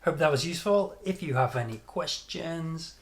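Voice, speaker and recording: A man with a British accent teaching English pronunciation, modelling sounds and stress patterns by repeating them deliberately. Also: fairly high pitch, expressive. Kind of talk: pronunciation lesson.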